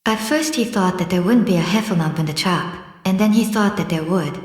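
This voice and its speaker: Gentle woman reading a storybook aloud. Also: lowish voice, a little fast, soft background music. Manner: gentle, describes pictures aloud. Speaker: audiobook narrator. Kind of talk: scripted storybook narration. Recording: roomy echo.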